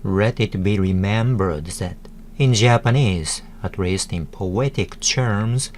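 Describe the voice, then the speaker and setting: A man giving a scripted tutorial narration, deliberately sounding out words one syllable at a time. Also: fairly low pitch.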